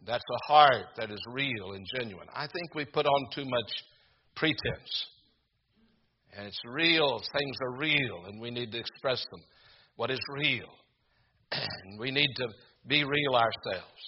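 An older man preaching a sermon to a congregation, earnest and halting, with frequent fillers and restarts. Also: mid-range voice, lo-fi sound, a little hiss or hum. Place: room with a congregation.

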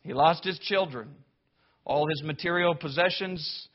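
A man preaching a sermon to a congregation, emphatic and building to loud declamation, with wry sarcastic asides. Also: a little high, measured pace. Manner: emphatic, rising to loud declamation when quoting scripture. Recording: dull lo-fi sound.

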